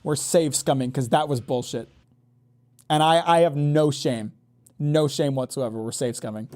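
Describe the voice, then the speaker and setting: A man's voice: fairly high pitch, measured pace, darkish tone. A man giving casual gameplay commentary, exasperated and profane, stammering and repeating words as he reacts. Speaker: gaming YouTuber.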